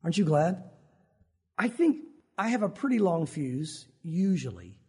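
A man preaching a sermon in a lively, conversational way, often acting out short quotes. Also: fairly high pitch, measured pace, slightly rough. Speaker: pastor.

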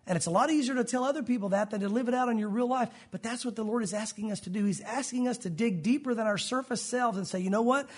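A male pastor delivers a sermon with a fairly high voice. His tone is a bit husky rather than clean. He speaks earnestly and directly, calling his listeners guys. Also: fast, few pauses.

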